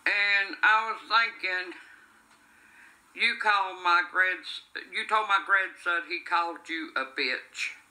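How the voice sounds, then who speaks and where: A woman's voice: on the low side, takes it slowly, bright, forceful tone, reverberant, low-quality recording. An older woman, a grandmother, telling a story in a blunt, foul-mouthed, cantankerous way in a casual family video.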